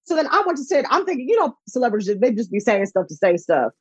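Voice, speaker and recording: A woman in her thirties tells a story with breathless excitement, often jumping up into squealing voices to quote people. Her voice sits a bit high and has a husky, breathy edge. The sound is dry, with no room around it. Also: fast, no room sound, dull audio. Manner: excitable, laughing, jumps into high voices when quoting. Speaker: guest. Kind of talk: animated storytelling anecdote.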